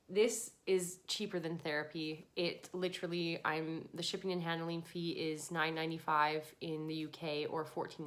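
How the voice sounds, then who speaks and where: A woman's voice: sits low, fairly bright tone. A woman hosting a podcast, tearful and earnest, giving a pleading motivational monologue. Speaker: podcast host.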